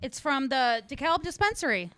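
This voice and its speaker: A woman's voice: high voice, sing-song, moderate pace, noisy background. A woman co-hosting a podcast, chatting casually with lots of filler words. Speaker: podcast co-host. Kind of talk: casual chat.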